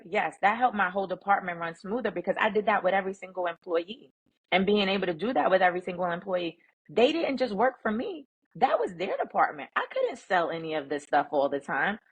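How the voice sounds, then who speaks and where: Husky-voiced woman telling work stories. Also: fairly low pitch, poor audio. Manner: animated, emphatic, acts out quoted dialogue. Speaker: guest, emotional intelligence speaker. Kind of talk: conversational storytelling.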